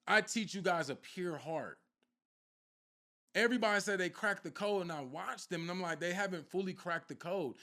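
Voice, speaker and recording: His voice sits high and a bit bright as he delivers a spiritual talk straight to his audience. The content creator is casual yet preachy, hammering his point through repetition.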